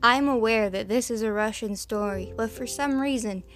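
This podcast host reads the news in a fairly high, slightly bright voice at normal speed. Her Southern American accent slips through as she trips over names and tosses in sarcastic remarks, keeping the commentary casual.

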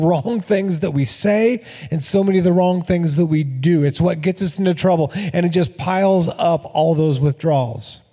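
High-voiced pastor preaching in a hall. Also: male voice. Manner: energetic storytelling with acted-out quotes. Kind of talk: sermon.

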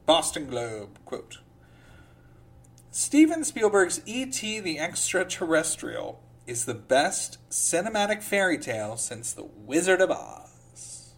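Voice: mid-range voice, very animated, takes it slowly. A podcast host reading film reviews aloud in a casual way, with sarcastic asides between the quotes and a slide into a pompous reading voice.

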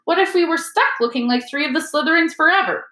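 A woman's voice: fairly high pitch, animated, normal speed, a bit bright. A woman voicing a grumpy, sarcastic teenage schoolboy, in an echoey room. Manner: sarcastic, irritable.

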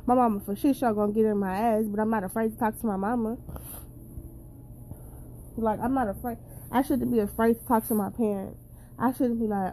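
A woman's voice: on the high side, steady tone, fairly quick, warm tone, a little hiss or hum. Blunt, profane woman ranting to viewers. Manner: blunt, profane and preachy, addressing viewers directly. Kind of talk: casual straight-to-camera rant.

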